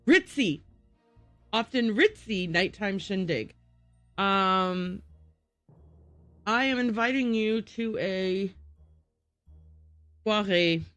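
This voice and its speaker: Woman streamer, unhurried and musing, dry close mic, soft music under her. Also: mid-range voice, dry recording. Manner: thinking aloud, muttering over word puzzles. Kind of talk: casual gameplay livestream.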